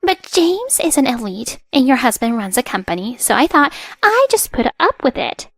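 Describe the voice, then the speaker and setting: A woman's voice: high-pitched, very animated, normal speed, husky, dry recording, clean studio sound, faint music behind, full character voice. A woman voicing a haughty, mocking young daughter-in-law in a narrated drama story, with a sneering, dismissive way of talking. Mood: cold.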